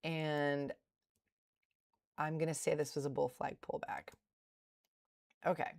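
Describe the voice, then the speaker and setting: Woman, middle-aged, low voice, unhurried, self-deprecating, casual livestream chat. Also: little pitch movement, darkish tone. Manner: self-deprecating, laughs at her losses. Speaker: day trading livestreamer.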